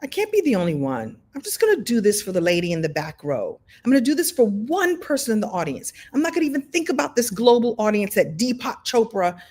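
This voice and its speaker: A woman teaching a live online storytelling workshop, talking in an animated, conversational way with many repetitions. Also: on the high side, quick pace, hardly any pauses. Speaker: story coach. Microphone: video call.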